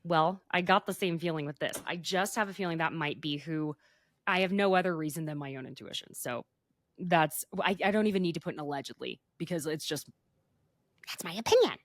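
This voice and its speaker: A woman chats through celebrity gossip in a loose, animated way and laughs often. Her voice sits a little low for a woman. The mic is close, with no room sound. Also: brisk, no room sound. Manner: chatty, animated, laughs often, says y'all. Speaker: podcast co-host. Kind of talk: casual gossip chat.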